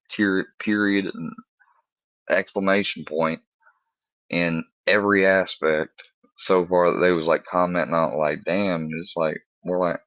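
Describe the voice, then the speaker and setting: Deep-voiced man telling a profane story. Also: dry recording, lo-fi sound. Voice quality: profane, animated storyteller voicing friends in higher tones. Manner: laughs through the story. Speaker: podcast host. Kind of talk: casual storytelling.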